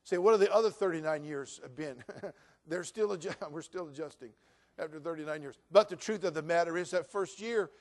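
A pastor in his sixties delivers a sermon with a high voice. He tells joking personal stories and rises into loud, fervent preaching. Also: brisk. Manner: humorous storytelling, building to loud preaching.

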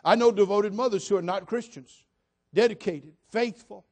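A man's voice: high voice, normal speed, darkish tone. A man preaching a sermon as pastor, emphatic and repetitive, putting direct questions to the congregation.

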